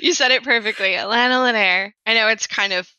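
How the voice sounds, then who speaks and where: A woman from Ireland with an Irish accent, a podcast guest who talks in a lively, playful way and laughs often. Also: fairly high pitch, clear, resonant tone, no room sound, poor audio. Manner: lively and quick to laugh, uses playful examples. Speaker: podcast guest, game studio founder. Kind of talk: conversational interview.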